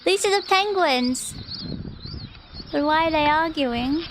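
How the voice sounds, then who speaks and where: A young woman with an Australian accent reacts on a live stream in a high voice. She speaks at an unhurried pace, breaking into exclamations and laughter as she comments. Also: animated, background noise. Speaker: VTuber streamer.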